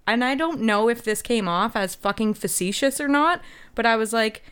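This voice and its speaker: A woman's voice: fairly high pitch, moderate pace, a bit bright, clear, resonant tone. A woman co-hosting a podcast in casual chat, swearing freely and laughing often. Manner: laughs often, profane storytelling. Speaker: podcast co-host.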